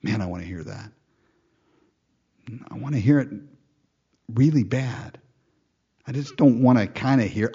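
A man preaching with lots of energy, voicing prayers as if speaking them himself and chuckling along the way. His voice is a little husky, and the recording sounds dull and muffled. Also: medium pitch, measured pace, pauses often. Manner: animated, acts out quoted prayers, laughs often. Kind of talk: sermon.

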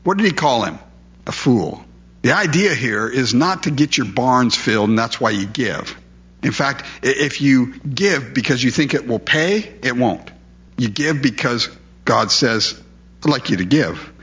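A man's voice: medium pitch, animated, unhurried, a bit bright, husky, dull audio. A man preaching a sermon in a conversational, emphatic way, asking his listeners questions. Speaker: pastor.

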